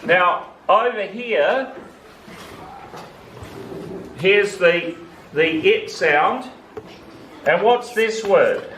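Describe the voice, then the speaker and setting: A high-pitched reading teacher gives a classroom phonics lesson, patiently explaining vowel sounds to a student and asking questions. His fairly bright voice has drawn-out words and long pauses. It's recorded from a distance in an echoey room with faint hiss.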